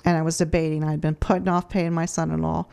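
Woman, slightly low voice, earnest storytelling, frequent restarts. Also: flat delivery, fast, gravelly, warm tone, clear, resonant tone. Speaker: food charity director. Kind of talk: casual testimony.

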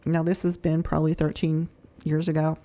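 Woman, slightly low voice, earnest storytelling, frequent restarts. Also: completely flat delivery, brisk, warm tone. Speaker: food charity director. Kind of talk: casual testimony.

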